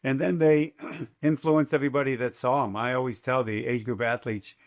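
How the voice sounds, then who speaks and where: An older man speaks as a podcast guest, a race announcer recalling how he started. His voice sits at an ordinary middle pitch. He talks in a lively, chatty way and often acts out what he said back then. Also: normal speed. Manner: lively, chatty, fond of quoting himself. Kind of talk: casual storytelling.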